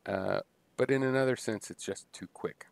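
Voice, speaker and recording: A man thinking aloud in a halting, unscripted philosophical monologue, full of pauses and restarts. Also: on the low side, creaky, no echo. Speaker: video blogger musing on philosophy.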